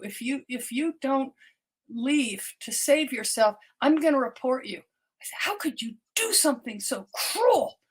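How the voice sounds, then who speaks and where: An older woman who is a doctor shares her personal story as a podcast guest. She speaks earnestly in a high voice, often repeating words as she restarts sentences.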